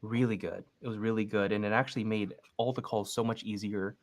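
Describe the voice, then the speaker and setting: A young man with a lowish voice coaches casually over a video call. He explains his process step by step and slips into short acted lines of a phone call. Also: fairly quick. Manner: relaxed, explains step by step and acts out sample phone calls. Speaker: real estate investing coach.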